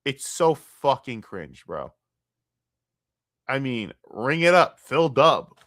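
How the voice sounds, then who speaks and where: A man on a live stream ranting about online drama in a crude, mocking, heated way, jumping between loud outbursts and low mutters. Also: lively intonation, slow pace, no echo, clean studio sound. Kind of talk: profane live-stream rant.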